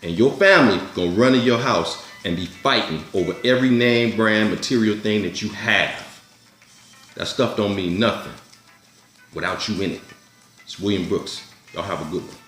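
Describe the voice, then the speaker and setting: A man's voice: lowish voice, moderate pace, fairly bright tone. A man hosting his own commentary, giving a blunt, preachy motivational monologue that repeats its urgings. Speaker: commentary host. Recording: echoey room with faint music.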